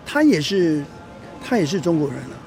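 A man's voice: on the high side, sing-song, normal speed, over music. A man in his sixties from Taiwan, giving blunt, short answers in a field interview outdoors at a memorial plaza. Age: 60s. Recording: outdoor street noise with traffic.

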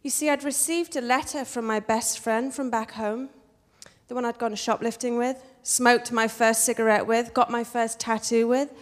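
A woman with an English accent telling a personal story on stage in a wry, expressive way. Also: fairly high pitch, normal speed, big-room sound. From England. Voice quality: wry, expressive, switches between posh and street voices.

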